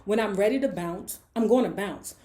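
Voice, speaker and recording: A woman's voice: medium pitch, moderate pace, dark tone, natural voice. A woman voicing a proud, defiant seventeen-year-old girl with a scheming, dismissive manner. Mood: scornful. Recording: roomy echo.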